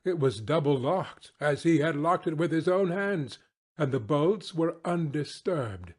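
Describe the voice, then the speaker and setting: A man reading a classic ghost story aloud as scripted narration for English learners, in a slow, measured way. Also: a little high, expressive, darkish tone, slightly rough.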